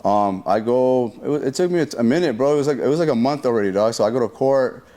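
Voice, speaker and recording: A man's voice: medium pitch, fast. Guy telling a story in an interview, mid voice, lots of slang and cussing, does sound effects. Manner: slangy, profane talk full of sound effects; animated retelling that acts out what people said.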